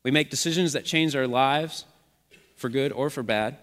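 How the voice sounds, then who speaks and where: A man's voice: mid-range voice, normal speed, a bit bright. Man preaching in a reverberant church. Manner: earnest, repetitive preaching cadence. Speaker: pastor. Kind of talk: sermon.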